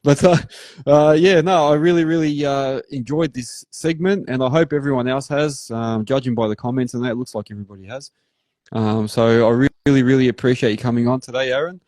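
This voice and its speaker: An Australian host runs a live show, rambling through animated work stories in casual chat. He speaks a little fast in a medium pitch, and the recording is dry.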